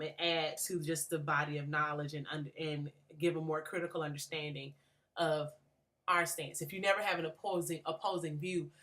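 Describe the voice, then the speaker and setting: Young woman from atlanta talking through a book, low voice, lots of ums. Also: a bit bright. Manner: thoughtful, many fillers and restarts. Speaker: graduate student. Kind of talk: reflective book response.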